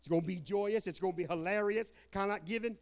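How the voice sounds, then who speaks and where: A man preaching a lively sermon as pastor, folksy and whooping, with shouted outbursts. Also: high-pitched, fast.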